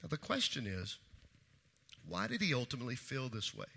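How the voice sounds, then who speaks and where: A man preaching a sermon, moving from hushed, slow emphasis to raised, urgent reading of scripture. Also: mid-range voice, sing-song, creaky, husky. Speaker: pastor.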